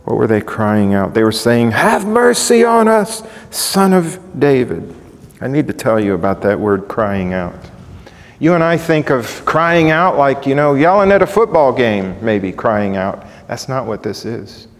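Male preacher, mid-range voice, swings from quiet questions to ringing shouts, long hall reverb. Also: fairly low pitch, lively intonation, normal speed. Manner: rising to loud dramatic shouts when quoting cries; asks the congregation rhetorical questions. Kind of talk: sermon.

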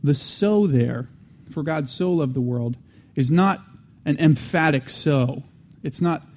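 A Christian teacher delivers a teaching sermon in an earnest way, his mellow, warm voice a little high and a little slow. He circles back to repeat his main points, restarts often, uses fillers, and drops in casual conversational asides.

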